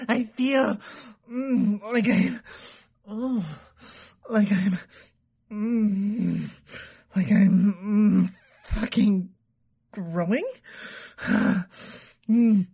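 A woman's voice: mid-range voice, drawn-out words, gravelly, long pauses, darkish tone, slightly rough, exaggerated voice. A woman playing a self-absorbed young woman who vents to her therapist, whiny and furious, sighing a lot and filling her talk with "like". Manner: whiny, full of sighs and "like" fillers. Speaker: patient venting to a therapist.

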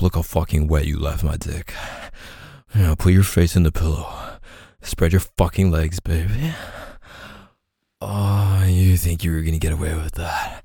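A man performing an intimate adult audio role-play in a dominant, teasing manner, with heavy breathy moans between his phrases, recorded close to the microphone. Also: low voice, fairly even intonation, a little slow, mellow, no echo.

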